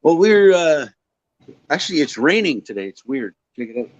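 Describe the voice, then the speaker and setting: A man's voice: fairly high pitch, moderate pace, dull audio. A middle-aged man, a guest joining a casual chat by video call, talking with restarts. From Canada. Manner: lively, stammering restarts.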